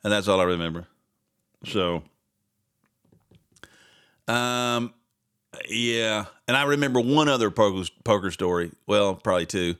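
A man's voice: on the low side, a little slow, long pauses, fairly bright tone, smooth. A man hosting a casual talk show, rambling and sarcastic and laughing often between asides. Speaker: radio host.

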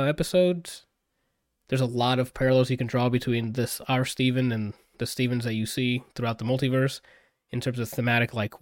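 A man's voice: mid-range voice, dry recording, clean studio sound. A man in a casual podcast chat, gushing over a film he just saw, swearing freely and rambling with fillers. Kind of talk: casual movie review chat.

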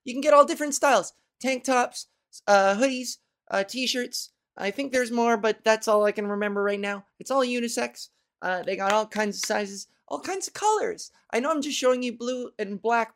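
A woman hosting her own podcast in casual solo chat, rambling and self-mocking and laughing at her own jokes, speaking into a microphone. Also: medium pitch. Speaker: podcast host. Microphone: studio microphone.

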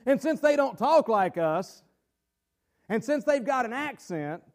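A Southern American man preaches in a very high voice. His sermon wanders off on folksy asides and then swells into emphatic bursts. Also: very animated, measured pace. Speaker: pastor.

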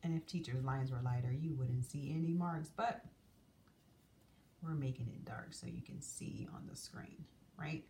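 A woman's voice: rumbling low, moderate pace, mellow. A woman teaching young children a drawing lesson, coaxing and sing-song as she draws and asks them questions. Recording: distant mic, faint room noise.

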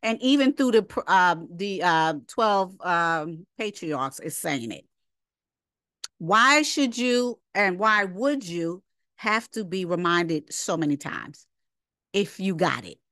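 A woman's voice: lowish voice, expressive, slow, fairly bright tone, no room sound, clean studio sound. A woman giving an informal Bible lesson, emphatic and conversational, who repeats her points as rhetorical questions. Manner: conversational, drops into casual asides. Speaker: Bible teacher.

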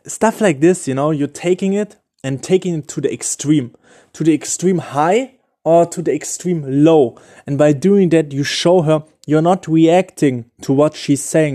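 Non-native english guy rambling dating advice on his podcast, kinda high voice, says like a lot. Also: a little slow, mellow. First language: not English. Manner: loose, explanatory, full of "like" and "okay?"; searches for words, restarts. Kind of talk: casual solo podcast talk.

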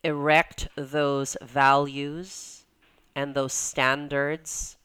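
A woman's voice: deep voice, little pitch movement, extremely slow, a bit bright, clear, resonant tone. A woman coach talking in a casual podcast interview, chatty with lots of fillers, acting out the voices she quotes. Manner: chatty, many "like" and "you know" fillers, acts out quoted voices. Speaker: podcast guest, women's coach.

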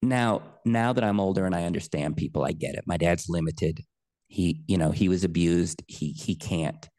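A man speaking as a podcast guest, earnest and emphatic as he tells a personal story. His delivery is lively, and he leans into key words. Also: low voice, moderate pace. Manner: earnest, emphatic, animated retelling.

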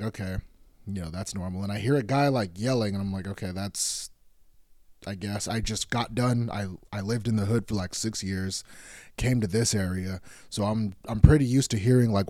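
A man's voice: medium pitch, dark tone, no echo, clean studio sound. A man telling a rambling, heated story in casual speech, swearing often.

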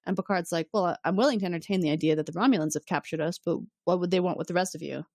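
In a dry, studio-quality recording, a woman with a lowish, slightly mellow voice talks very fast. She's co-hosting a casual podcast where she recaps episodes, animatedly retelling a story and acting out the characters' lines.

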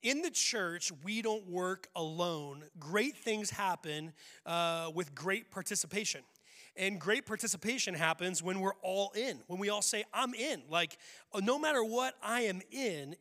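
Bright-voiced joking pastor in a reverberant hall. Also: male voice, sits high, measured pace. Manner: conversational, humorous, frequent restarts. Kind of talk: casual sermon. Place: church sanctuary.

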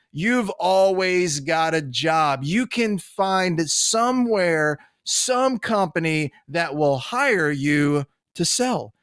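A man's voice: fairly high pitch, no echo, studio quality. A middle-aged man hosting a sales podcast, talking bluntly and with lots of energy, swearing now and then. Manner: blunt, animated, swears casually. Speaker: podcast host, sales trainer. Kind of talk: casual monologue.

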